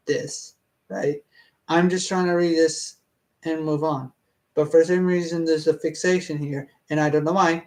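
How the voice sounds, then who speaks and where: A man reading a fan story aloud and commenting on it casually, sounding exasperated, halting and interrupting himself, with frequent laughs. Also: high voice. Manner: laughs often. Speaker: reader reviewing a fan story.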